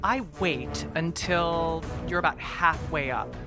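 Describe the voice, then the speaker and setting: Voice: mid-range voice, slow, loud music behind the voice. A player in a tabletop game, speaking in a dry, matter-of-fact way. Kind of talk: casual tabletop play.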